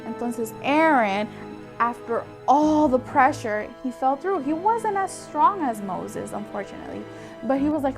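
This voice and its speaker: Lady telling kids a bible story, chatty n lively, high voice, faint music behind. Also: measured pace, vocal fry.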